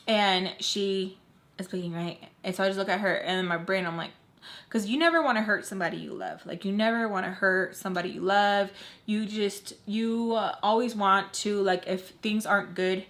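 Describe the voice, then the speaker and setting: A woman telling a candid storytime vlog. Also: medium pitch. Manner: candid and animated, acts out the people in the story; blunt, swears freely. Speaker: beauty vlogger. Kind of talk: casual storytime while doing makeup.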